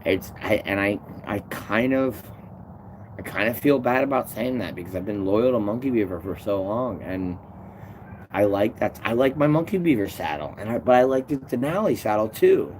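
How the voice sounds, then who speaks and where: Male streamer, casual and profane, stumbles through restarts; low-pitched, faint vehicle hum in background. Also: animated, normal speed, darkish tone. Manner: rambling, swears a lot, restarts sentences. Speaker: tree climber streaming to viewers. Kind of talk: casual live-stream chat reading comments.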